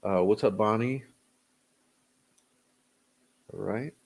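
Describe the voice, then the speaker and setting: A man's voice: fairly low pitch, takes it slowly, vocal fry, a little mellow. A man hosting a casual livestream, greeting viewers by name and rambling loosely with chuckles and fillers. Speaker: livestream host. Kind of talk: casual livestream chat, reading chat names.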